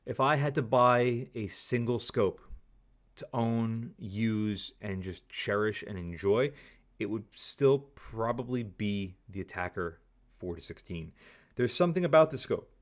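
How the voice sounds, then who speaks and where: A man's voice: on the low side, slow. A man giving a candid, opinionated product review, talking casually and repeating stock phrases. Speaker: scope reviewer.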